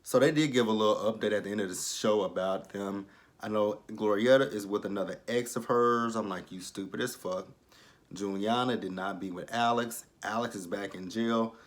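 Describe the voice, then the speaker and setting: A man's voice: fairly low pitch, steady tone, moderate pace. A man giving casual, blunt, profane commentary on a reality TV episode. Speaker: reality TV reviewer.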